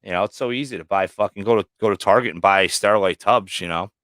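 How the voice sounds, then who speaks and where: This lowish-voiced man talks at a quick pace, captured in a dry, studio-quality recording. His casual livestream chat covers snake breeding, and as a profane storyteller he loudly acts out the words of himself and his snakes.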